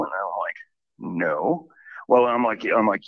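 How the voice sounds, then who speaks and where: A man calling in to a show, telling a story in a rambling, animated way. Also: on the low side, takes it slowly, gravelly, no room sound. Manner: rambling, animated retelling with many "I'm like" asides. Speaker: caller. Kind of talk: casual storytelling. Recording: muffled phone call.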